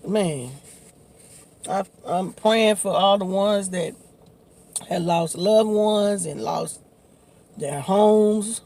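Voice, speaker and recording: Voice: medium pitch, darkish tone. A vlogger, chatting casually while eating on camera, laughing often and talking in loose, informal slang. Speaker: mukbang vlogger.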